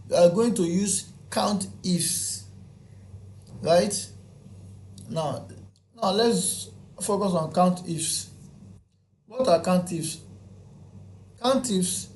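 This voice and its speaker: A man's voice: high voice, darkish tone, slight background noise. A man teaching a spreadsheet tutorial. He counts items aloud one by one, repeats his key points and answers his own questions. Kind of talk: screen-recorded software tutorial.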